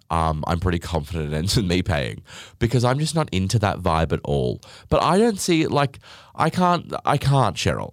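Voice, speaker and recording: A man's voice: sits low, no room sound, studio quality. A young man hosting a podcast, ranting sarcastically and swearing often. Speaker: podcast host. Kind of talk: casual podcast rant.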